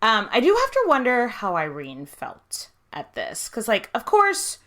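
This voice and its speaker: A woman's voice: fairly high pitch, wildly swooping pitch, measured pace, fairly bright tone. A woman co-hosting a podcast, adding wry, sarcastic commentary to a history story. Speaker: podcast co-host. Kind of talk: casual chat.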